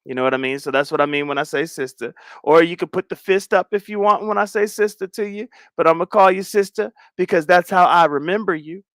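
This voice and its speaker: Male livestream host, fairly high voice, dry close mic, slangy and animated. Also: fairly quick, few pauses, no echo. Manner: animated, swings between loud and mumbled asides; slangy, repeats phrases. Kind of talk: casual livestream chat.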